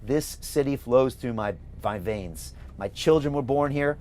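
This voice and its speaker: A middle-aged American man from California hosting a livestream, reading out viewer comments and making an emphatic, rallying campaign pitch. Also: measured pace, slight background noise. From California, USA. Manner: energetic, emphatic, repetitive rallying. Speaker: host and mayoral candidate.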